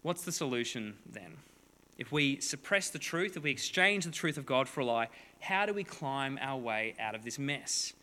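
A man's voice: mid-range voice, animated, normal speed, pushed and bright. A man preaching a sermon to a congregation, reading scripture and explaining it with playful, joking asides. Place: large hall before a congregation. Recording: long hall reverb.

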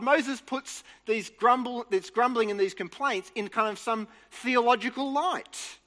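A man's voice: very high-pitched, moderate pace, hardly any pauses, pushed and bright. A man giving an earnest, explanatory Bible teaching talk, restarting phrases as he goes. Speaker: preacher. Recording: reverberant hall.

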